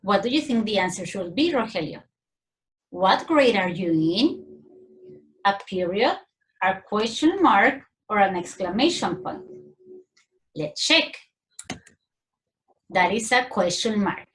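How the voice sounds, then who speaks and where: A woman with a Mexican Spanish accent teaching young children English punctuation, patiently reading example sentences aloud with expressive tone. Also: mid-range voice, unhurried, long pauses, slight background noise, low-quality recording. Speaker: primary school English teacher. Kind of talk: recorded online lesson for young children.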